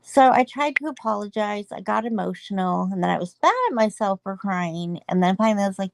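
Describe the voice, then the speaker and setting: Co-host, woman, mid-pitched voice, earnest and emotional, dry close recording. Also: fairly quick, gravelly, few pauses, no room sound. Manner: earnest, emotional, laughs between points. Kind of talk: casual chat about online drama.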